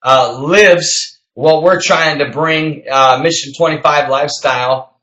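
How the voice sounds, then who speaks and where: A passionate man hosting a health podcast, his voice high and bright as he pushes his point hard. He gets loud and emphatic, and the sound carries an echoey room. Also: fairly even intonation, measured pace. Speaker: health coach and show host. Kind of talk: energetic podcast talk.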